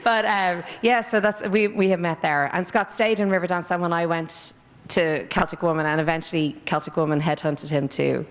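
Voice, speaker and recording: A woman's voice: lowish voice, steady tone, moderate pace, long reverb tail. An Irish woman in her forties, chatting through rambling anecdotes in a casual interview. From Ireland. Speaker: interviewee, former stage dancer.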